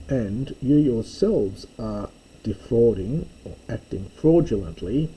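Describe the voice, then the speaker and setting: A man teaching a slow reading lesson, explaining each word in turn with frequent pauses and fillers. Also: mid-range voice, lively intonation, warm tone, husky, low-quality recording. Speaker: Greek teacher.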